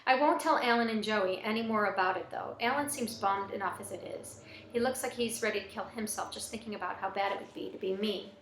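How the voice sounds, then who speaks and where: A woman reading a first-person novel aloud in a plain, even storytelling manner. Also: medium pitch, a little fast, slight background noise. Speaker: audiobook reader. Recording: echoey room.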